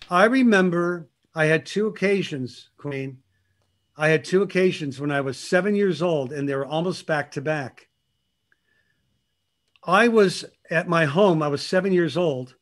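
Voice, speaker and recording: An older man, a guest on a talk show, telling stories in a lively, animated way and laughing often. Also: high-pitched. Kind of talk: casual interview chat.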